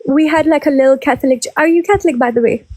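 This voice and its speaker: A woman's voice: high-pitched, rapid-fire, darkish tone, low-quality recording. A young woman from Ireland in casual religious discussion, earnest and out of breath, often repeating words as she searches for phrasing. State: pregnant, out of breath. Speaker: guest.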